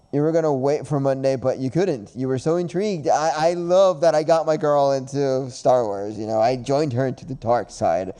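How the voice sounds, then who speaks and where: A man's voice: medium pitch, mellow. Rambling man hosting a casual podcast. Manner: rambling, repeats himself, laughs often. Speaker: podcast host. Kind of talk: casual chat.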